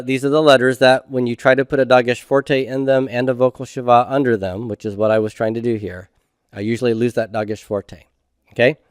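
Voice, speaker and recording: A man's voice: on the low side, smooth, no room sound, clean studio sound. A middle-aged man teaching a recorded grammar lecture. He patiently asks questions and then answers them himself.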